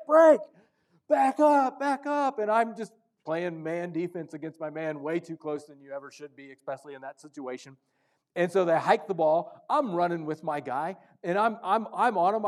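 A man preaching a sermon as pastor, telling a story and swinging from loud bursts to hushed lines. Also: on the high side.

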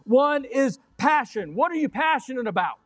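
Fired-up preaching pastor, high voice. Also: male voice, moderate pace, no echo, faint music behind. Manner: fiery, excitable preaching with sudden yells. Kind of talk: sermon. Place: church sanctuary.

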